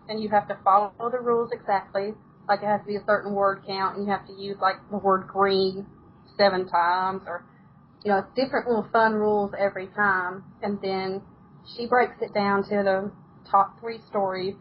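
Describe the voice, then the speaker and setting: A talkative woman chats casually as an author on a podcast. Her stories run on loosely and she laughs easily. The sound is muffled, with a little background noise. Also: medium pitch. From United States. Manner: chatty, storytelling, laughs often. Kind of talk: casual interview chat.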